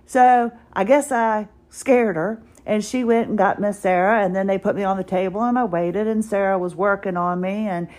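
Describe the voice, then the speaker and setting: A woman's voice: mid-range voice, fairly even intonation, normal speed, hardly any pauses, a little mellow. Woman rambling thru a story on her podcast, wry, keeps going "i said... she said". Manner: chatty, wry, retells dialogue with "I said". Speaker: podcast host. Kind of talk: casual personal storytelling. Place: at home, doing exercises while talking.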